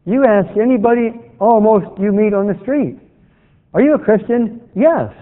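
A man preaching a sermon, quoting scripture in a slow, measured cadence. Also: high voice. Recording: tinny phone-like sound with long reverb.

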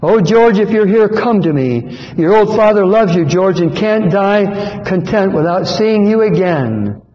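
A man's voice: high voice, expressive, a little slow, a little mellow. Quavering aged father, put on by a male preacher, broken and searching, dull lo-fi sound, long hall reverb. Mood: pleading. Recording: dull echoey hall recording.

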